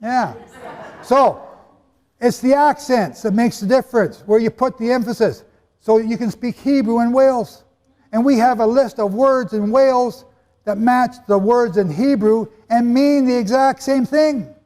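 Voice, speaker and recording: His pitch is extremely high and his tone dark, at a normal pace. Before a live audience in a big hall, he teaches in sermon style, talking emphatically and conversationally while quizzing the people listening, all under a long hall reverb.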